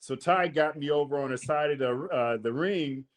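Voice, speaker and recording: A man's voice: fairly high pitch, moderate pace. A man hosting a podcast, casually telling a long story in slangy talk, acting out the quotes. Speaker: podcast host.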